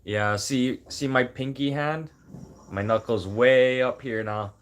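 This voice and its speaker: A man from Manitoba venting in a casual, unscripted talk to camera, swearing a lot and swinging from loud outbursts to low mutters. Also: slow pace. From Manitoba, Canada. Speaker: vlogger.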